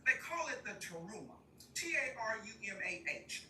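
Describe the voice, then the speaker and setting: Bright folksy older woman talking outdoors. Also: fairly high pitch, normal speed, a little hiss or hum. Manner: lively, folksy, laughs often, addresses audience as y'all. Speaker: guest speaker. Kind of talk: casual livestream talk. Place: outdoors at a park. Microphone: phone held while walking. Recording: roomy, distant phone audio with faint ambience.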